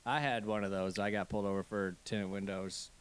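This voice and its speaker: A man's voice: on the low side, steady tone, fairly quick, smooth. A man in a casual podcast chat who makes dry, teasing remarks. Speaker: podcast guest.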